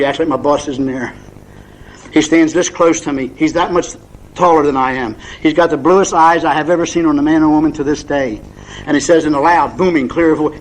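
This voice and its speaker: A man's voice: on the high side, a little hiss or hum, low-quality recording. An older man sharing a personal story at a recovery meeting, folksy and emotional, acting out the dialogue. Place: meeting room with audience.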